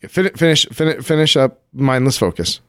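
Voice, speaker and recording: A man's voice: medium pitch, lively intonation, normal speed, a bit bright, clean tone, no echo, clean studio sound. A man co-hosting a casual podcast, reading listener mail with frequent laughter. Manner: upbeat, laughs often. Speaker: podcast co-host.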